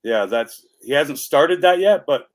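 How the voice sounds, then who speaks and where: A man's voice: on the high side, lively intonation, unhurried, no echo. A man co-hosting a livestream, talking casually and rambling with lots of "like" and restarts. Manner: rambling, chatty, full of "like". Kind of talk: casual chat.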